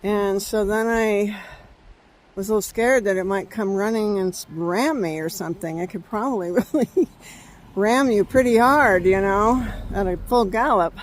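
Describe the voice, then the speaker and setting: A woman's voice: medium pitch, moderate pace. A woman from California telling a story in a rambling, chatty vlog on an outdoor trail, laughing often as she talks. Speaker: travel vlogger.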